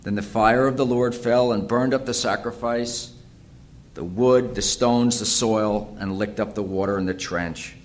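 A man preaching a sermon, reading scripture aloud and explaining it, rising to loud dramatic cries and often repeating phrases. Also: fairly low pitch, fairly even intonation, measured pace, slight background noise.

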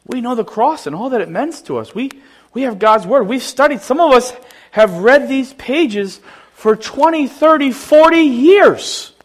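A pastor with a high-pitched male voice delivering a sermon in a casual, conversational way. He leans into his points with emphasis and talks to the congregation like friends. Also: lively intonation, unhurried, husky. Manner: conversational, emphatic, laughs often.

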